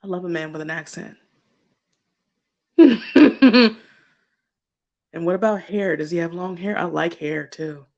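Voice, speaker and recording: A woman's voice: lowish voice, slow, long pauses, a little mellow, lo-fi sound. A woman hosting a casual livestream, talking directly to the people watching. Her delivery is chatty and gushing, and laughter keeps breaking into her speech. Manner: talks to chat viewers directly. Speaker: livestream host.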